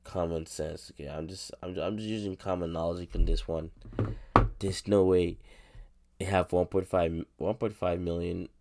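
A man's voice: low-pitched, steady tone, moderate pace, gravelly, very noisy. A man reviewing a crypto token in casual solo commentary, rambling with slang, repeating himself and laughing.

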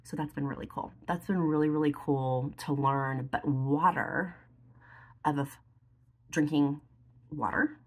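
Woman vlogger, low husky voice, chatty, does makeup on camera. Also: steady tone, unhurried, long pauses. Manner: chatty, emotional, lots of fillers like "like". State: teary, tearful. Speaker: beauty and lifestyle vlogger. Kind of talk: casual chat while doing makeup.

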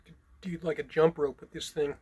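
A man's voice: a little high, flat delivery, a little fast, mellow, breathy edge. A man hosting an eating vlog, talking casually and unhurriedly between bites. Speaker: mukbang vlogger.

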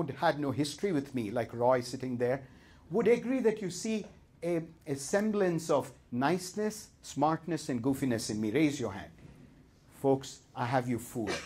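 A man's voice: a little high, a little mellow, husky. A middle-aged man with an Indian accent leading a live seminar, self-mocking and playful as he talks straight to the audience. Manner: playful, self-mocking, addresses the crowd directly. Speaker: seminar leader.

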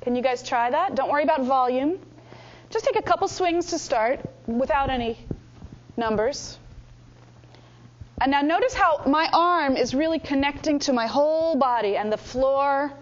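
A high-pitched woman runs a lively speaking workshop, calling out instructions and acting out exercises for the group. Her voice comes through a slightly dull, lo-fi recording of the room. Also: normal speed, a little hiss or hum. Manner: energetic, coaching, demonstrates with exaggerated voices.

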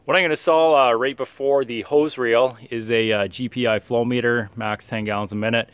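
Brief: man, nasal from a cold, casual outdoor how-to vlog, halting and practical, plenty of "uh"s, mid-pitched. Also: fairly even intonation, clean tone, dry recording. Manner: halting, many "uh" fillers, practical and matter-of-fact. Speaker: turf care professional vlogger. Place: outdoors in a yard and at the pump.

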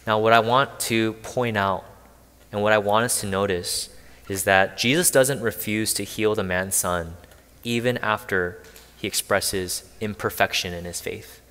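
A man's voice: lowish voice, fairly bright tone, big-room sound. A man preaching a sermon as a pastor, earnest and asking rhetorical questions.

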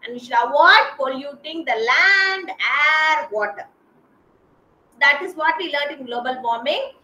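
High, bright kindergarten teacher. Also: female voice, expressive, a little slow, dull audio. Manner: patient, repeats and spells out sounds for small children. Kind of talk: online class teaching. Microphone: video call. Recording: roomy echo.

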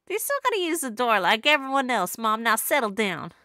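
A woman's voice: fairly high pitch, very animated, fairly quick, sharp tone, no room sound, studio quality. A woman voicing a folksy miner dad from a game, reading his lines in a put-on Southern US accent. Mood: easygoing. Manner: drawling, folksy, laid-back. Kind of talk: reading game dialogue aloud.

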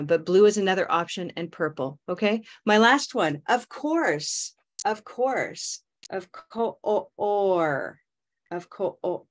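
A woman teaching English pronunciation on a video call, modeling words slowly and repeating them. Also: lowish voice. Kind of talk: online pronunciation lesson.

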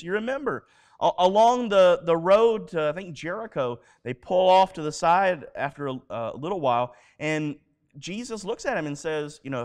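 Animated male pastor, high lively voice. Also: a little slow. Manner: animated storytelling, acting out dialogue. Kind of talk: sermon. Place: church service, live.

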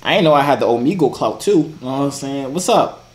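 A man's voice: mid-range voice, animated, fast talker. A young man vlogger chatting and joking casually with strangers on video calls. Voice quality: joking, roasting banter.

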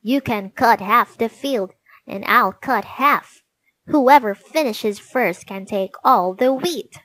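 A woman doing a shrill, furious little gnome. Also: slow, dry recording. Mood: boastful. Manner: shouting, indignant. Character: small quick-tempered male gnome.

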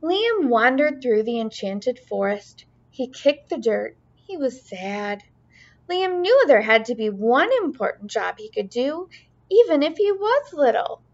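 A woman teacher reading a children's storybook aloud in an expressive, sing-song way. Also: fairly high pitch, unhurried. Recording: dull lo-fi recording.

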